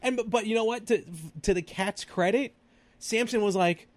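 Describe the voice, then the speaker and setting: A podcast co-host, male, speaks at a moderate pace in a dry recording. He tells stories in casual conversation and acts out what people said, animating the quotes with big jumps in pitch.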